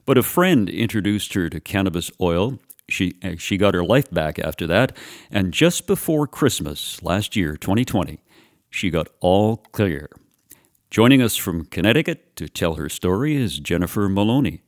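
A man hosting a podcast, introducing a guest in a measured way and slowing for emphasis. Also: sits low, very animated, no room sound, clean studio sound. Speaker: podcast host.

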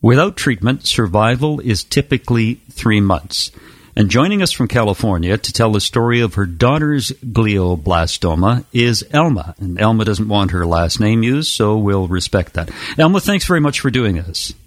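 A man hosting a broadcast interview, speaking in a measured, formal way as he introduces a guest and asks questions. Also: on the low side, animated, no room sound. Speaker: interview host.

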